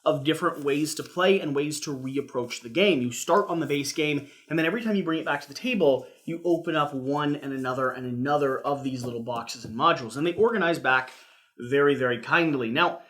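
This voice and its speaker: A man's voice: a little high, a little fast, a bit bright. A man co-hosting a board game unboxing, easygoing and playful as he walks the viewer through the components. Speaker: co-host.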